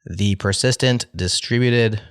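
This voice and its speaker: A man's voice: fairly low pitch, unhurried, no echo, studio quality. A man hosting a podcast word game, reading definitions aloud and joking with the players. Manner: laughing, playful, reads definitions aloud. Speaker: podcast host, game show moderator. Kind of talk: casual game-show banter.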